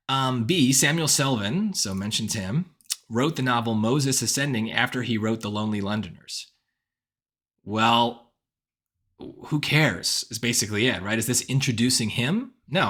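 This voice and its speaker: Bright, husky-voiced male SAT tutor. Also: medium pitch. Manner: talks through answer choices aloud, rhetorical "right?". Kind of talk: test-prep walkthrough.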